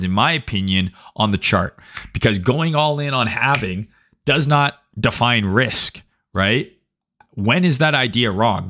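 A man's voice: mid-range voice, a bit bright. A man hosting a trading livestream, talking casually with swearing and a habit of tagging "right?" on his points while reading chat aloud. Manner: conversational, profane, reads chat aloud, frequent "right?". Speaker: livestream host, trading educator.

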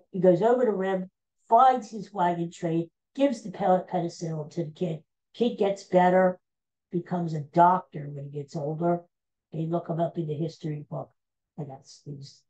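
Woman, podcast host, warm dark tone, rather low voice, rambling animated retelling. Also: low-quality recording. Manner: meandering, animated storytelling. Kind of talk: casual episode recap.

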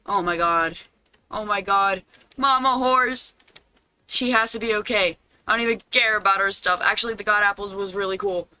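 A man streams a game live, casually talking to his chat, fretting aloud and sometimes breaking into loud, dramatic cries. His voice is high, clean in tone, and at normal speed.

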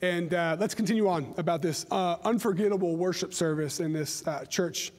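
A man's voice: sits high, normal speed, a little mellow. A middle-aged man preaching a conversational sermon, telling stories in a chatty way and often restarting his words. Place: church sanctuary. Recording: long church hall reverb.

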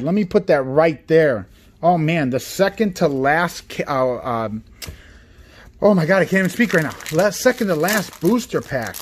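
A man hosting a card-opening video, listing cards quietly and getting excited over good pulls. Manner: excitable, repeats "guys" and "oh my god"; lists cards in a low, subdued voice. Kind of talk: casual unboxing commentary.

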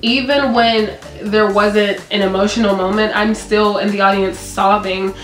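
A young woman vlogger chatting casually, telling an animated story and acting out quotes in a higher voice. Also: a little slow. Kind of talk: casual chat. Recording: echoey room with faint music.

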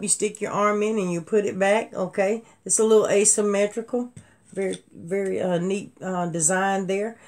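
A woman's voice: mid-range voice, a little mellow. A woman hosting a live online jewelry sale and Bible quiz, talking in a chatty, folksy way to her viewers. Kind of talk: casual live-stream selling with Bible trivia.

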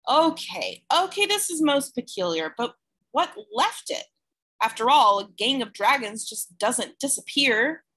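A woman's voice: high-pitched, very animated, unhurried, fairly bright tone, pitched above the performer's own voice, full character voice. A woman voicing a teenage boy who talks in a loose, frank, thoughtful way. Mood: musing.

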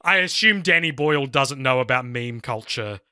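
Bright-voiced rambling podcast man. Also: medium pitch, lively intonation, clear, resonant tone, dry recording, studio quality. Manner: rambling, many fillers and restarts, reads a review aloud fast. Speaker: podcast co-host. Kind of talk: casual chat.

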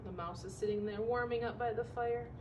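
A woman teacher reads a picture book aloud for children, expressive and stopping to point things out along the way. Her voice is somewhat high. She is heard from a distance, with faint background noise. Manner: expressive, pausing to comment for young listeners.

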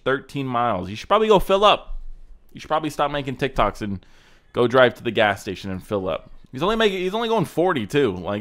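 A man hosting a casual reaction video, ranting sarcastically and swearing as he mocks car clips. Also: mid-range voice. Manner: sarcastic, ranting, profane roasting.

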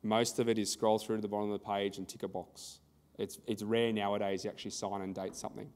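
Man, Australian accent, deeper voice, conference presenter, conversational storytelling, reverberant hall. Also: flat delivery, quick pace, darkish tone. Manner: conversational, tells anecdotes with acted-out dialogue. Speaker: workshop presenter. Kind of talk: conference workshop talk. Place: workshop room at a conference.

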